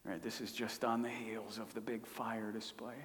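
A man preaching a sermon, retelling a scripture story with dramatic shifts between pleading outbursts and hushed whispers. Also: on the low side, level tone, normal speed. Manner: dramatic retelling, acting out voices with loud pleas and hushed whispers. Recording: long hall reverb.

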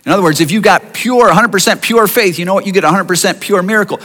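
A man preaching a sermon in an expressive way, asking his listeners rhetorical questions. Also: high voice, fast talker, few pauses, big-room sound. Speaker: pastor.

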